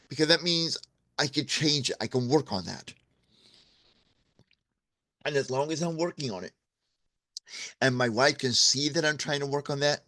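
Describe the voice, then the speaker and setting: A man's voice: mid-range voice, pushed and bright. A man hosting a video, giving earnest, candid advice in a casual way, often checking in with "okay?" and drawing on his own life. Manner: candid, shares personal examples. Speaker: vlog host giving marriage advice. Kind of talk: casual advice talk to camera.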